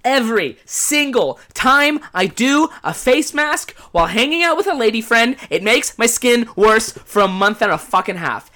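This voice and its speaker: A man riffing alone on his podcast in an exasperated, swear-heavy comic rant. His voice is bright and cutting, and his pitch swings widely as he works himself up. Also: animated, moderate pace, hardly any pauses. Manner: profane, exasperated comic ranting. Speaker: podcast host. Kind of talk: casual podcast monologue.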